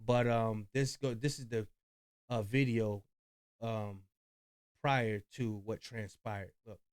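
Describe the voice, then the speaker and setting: A man's voice: on the low side, steady tone, slow pace, a little mellow, clean tone. A man hosting a reaction video, chatting loosely with slang and profanity about clips he plays. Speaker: reaction channel host. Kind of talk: casual commentary on clips.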